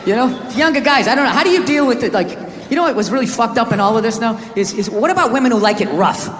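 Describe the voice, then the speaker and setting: A man doing a live stand-up set on a handheld mic, loud, profane and ranting. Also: extremely high pitch, fast talker, a little hiss or hum. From United States. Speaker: stand-up comedian. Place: live comedy venue in England. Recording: roomy hall with loud crowd laughter.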